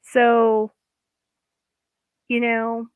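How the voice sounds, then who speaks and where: Very slow and completely flat, this smooth, slightly high woman's voice belongs to an EFT coach giving a casual guided self-help talk. She's informal and talkative but sometimes loses her words in the middle of a sentence. The recording is dry and phone-like, without echo.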